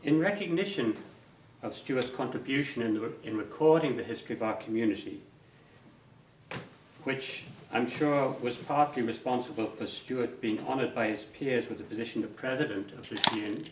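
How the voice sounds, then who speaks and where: A man, a council chairman, giving a formal speech of thanks at a podium, halting with slips and restarts. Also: medium pitch. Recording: echoey room, distant mic, audible noise.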